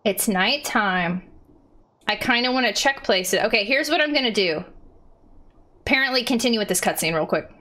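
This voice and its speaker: A woman giving casual let's-play commentary, chatty and excitable, reading game text aloud. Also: a little high, normal speed, long pauses.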